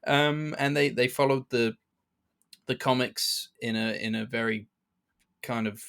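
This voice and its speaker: A man's voice: mid-range voice, steady tone, unhurried, gravelly, fairly bright tone, clean tone. A man co-hosting a podcast, chatting casually about a film and often restarting his sentences. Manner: hesitant, many restarts and fillers. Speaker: podcast co-host. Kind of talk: casual film review chat.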